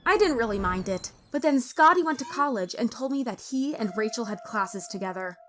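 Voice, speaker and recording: A woman narrating a first-person story in a dramatic, expressive way. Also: on the high side, a little fast, noisy background.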